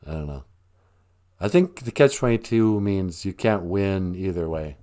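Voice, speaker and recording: A man's voice: low-pitched, animated, a little slow, dark tone. A man hosting a casual livestream from a small room at home, rambling and joking as he muses aloud with a lot of laughing. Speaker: livestream host.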